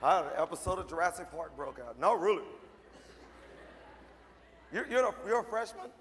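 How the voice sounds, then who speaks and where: A man with a high-pitched voice delivers a motivational speech at a school assembly, firing short punchy lines and teasing the students in front of him. His voice carries a long reverb from the large hall. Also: very animated, quick pace, a bit bright, a little hiss or hum. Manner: punchy, joking, talks straight to the crowd. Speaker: motivational speaker.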